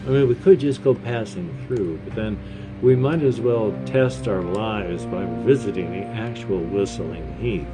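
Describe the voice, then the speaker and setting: A man's voice: on the low side, unhurried, loud music behind the voice. A man in his fifties giving gameplay commentary, sarcastic and self-deprecating, rambling between bits of read-out game text. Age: 50s. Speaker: gamer.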